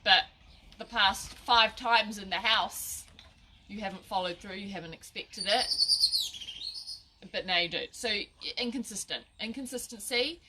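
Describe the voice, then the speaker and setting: A woman's voice: medium pitch, a little slow, noisy background. A woman giving a casual, chatty dog-training lesson on a live video, with frequent restarts and laughter at her own slips. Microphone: phone or camera at a short distance.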